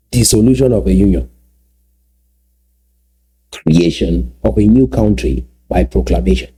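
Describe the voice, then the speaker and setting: An emphatic man speaking straight to his viewers in a solo commentary video. His voice is dark and husky, and he drives each point home by repeating key phrases slowly. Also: on the low side. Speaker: political commentator.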